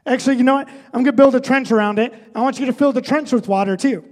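A man's voice: extremely high pitch, quick pace, big-room sound, voice pushed up. A man pastor voicing a bold prophet who cockily taunts his rivals in a sermon retelling. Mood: cocky. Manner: brash, playful.

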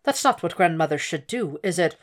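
A woman voicing a calm, cold, cultured male doctor who speaks in a soft, measured, quietly mocking way. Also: lowish voice, natural voice. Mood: taunting.

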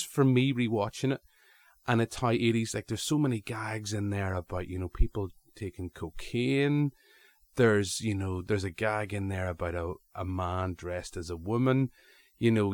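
Animated chatty man, low dry voice. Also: no room sound. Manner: animated, chatty, lots of restarts. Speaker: podcast host. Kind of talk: casual podcast chat.

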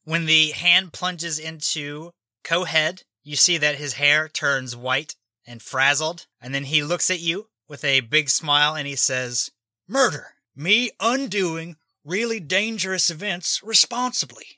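A man's voice: a little high, fairly even intonation, measured pace, hardly any pauses, pushed and bright, dry recording. A man narrating a tabletop game as game master, describing the action in a matter-of-fact way.

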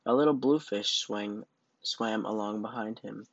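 A man reading a children's picture book aloud as storyteller, in a slow, gentle manner. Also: on the low side, no room sound, highs cut off.

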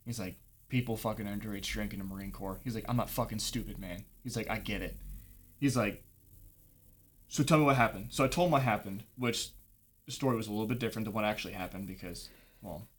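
A man's voice: fairly low pitch, fast talker. Profane young man telling a story. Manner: profane, rambling, acts out dialogue. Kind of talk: casual storytelling.

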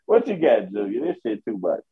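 A man co-hosting a podcast, ranting and mocking loudly in profane casual chat. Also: fairly low pitch, big pitch swings, brisk. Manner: loud, ranting, mocking, laughs a lot. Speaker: podcast co-host. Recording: dull lo-fi sound.

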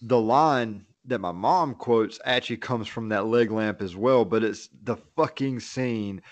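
A man's voice: lowish voice, unhurried, dry recording. A man on a casual podcast chat, talking bluntly and swearing freely. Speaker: podcast co-host. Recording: dull lo-fi dry mic.

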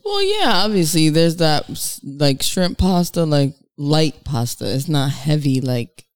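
A woman's voice: low-pitched, measured pace, smooth, no echo, studio quality. A woman co-hosting a casual podcast, teasing and laughing as she tells stories. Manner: laughing, teasing, animated storytelling. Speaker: podcast co-host. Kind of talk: casual chat.

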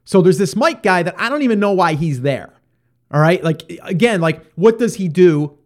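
Guy hosting a podcast, pretty high voice, rambling animated story, acts out what people said, lots of um and like. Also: moderate pace. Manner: animated, acts out quoted exchanges; conversational with many fillers and restarts. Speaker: podcast host. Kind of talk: casual storytelling monologue.

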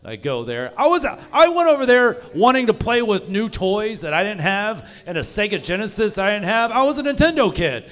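A man's voice: sits high, very animated, a little fast, hardly any pauses, a bit bright. A young man doing a stand-up set in a comedy club, profane and self-mocking as he tells stories. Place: live comedy club stage.

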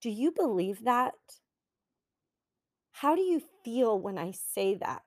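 Middle-aged woman, coach-host. Earnest, encouraging, unhurried delivery in a dry room. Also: on the high side, big pitch swings, no room sound. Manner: earnest, encouraging, slow and heartfelt. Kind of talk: reflective solo podcast talk.

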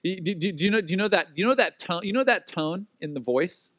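Pastor, male, slightly high voice, animated storyteller who acts out quotes, dry close sound. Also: a little fast, no echo. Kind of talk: sermon.

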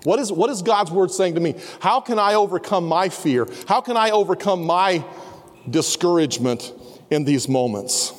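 A man's voice: expressive, normal speed. Man preaching in a reverberant hall. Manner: earnest, drops to a soft low voice for quiet passages. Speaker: pastor. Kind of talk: sermon. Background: students in a campus service.

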